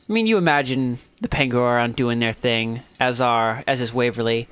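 A man narrating as game master of a tabletop game, playful and quick with asides, stumbling over words now and then. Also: medium pitch, a bit bright, clean tone.

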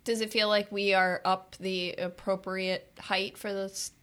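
A woman playing a tabletop game, asking quick, joking questions. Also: medium pitch, flat delivery, fairly bright tone. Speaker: player. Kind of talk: casual tabletop play.

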